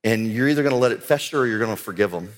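A man's voice: fairly low pitch, expressive, rapid-fire. A man giving an earnest religious conference talk that builds to fervent exhortation. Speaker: conference speaker. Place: large conference hall. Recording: long hall reverb.

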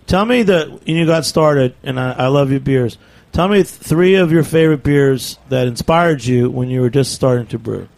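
A man's voice: mid-range voice, moderate pace, vocal fry, hardly any pauses, a little mellow. A man co-hosting a radio show in the studio, teasing and pressing the guest with questions. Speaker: radio co-host. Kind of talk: casual radio chat.

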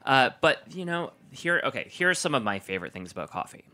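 A man co-hosting a food podcast, chatting in a rambling, animated way. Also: mid-range voice, fast. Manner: rambling, animated, restarts sentences. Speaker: podcast co-host. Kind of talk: casual chat.

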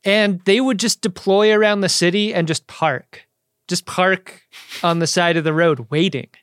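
A man's voice: sits high, fairly even intonation, normal speed, a bit bright, clean tone, dry recording. Dry-joking man in a dead room. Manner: dry, joking, puts on voices for characters. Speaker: podcast co-host. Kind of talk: casual comedic recap chat.

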